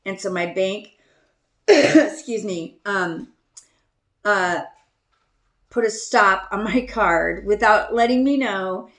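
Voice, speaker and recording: Slow-talking chatty woman in echoey room. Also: mid-range voice, a bit bright. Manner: chatty, self-deprecating, laughs often, trails off with ums. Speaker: podcast host. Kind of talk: casual storytelling chat.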